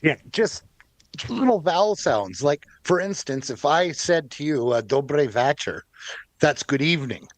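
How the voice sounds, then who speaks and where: A man's voice: fairly high pitch, lively intonation, normal speed, no room sound. A man from Canada in casual podcast chat, telling stories unhurriedly and laughing often. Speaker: podcast co-host.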